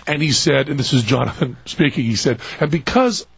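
An older man, a stage entertainer, telling an anecdote in a casual chat with lively laughs. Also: medium pitch, brisk, creaky, husky, dry recording. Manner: animated storyteller, laughs often. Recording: dull lo-fi audio.

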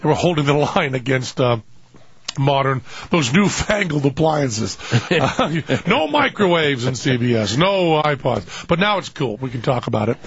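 A man's voice: a little high, sing-song, moderate pace, breathy edge, no room sound, lo-fi sound. A man hosting a talk radio show, riffing in a sarcastic, rambling comic monologue.

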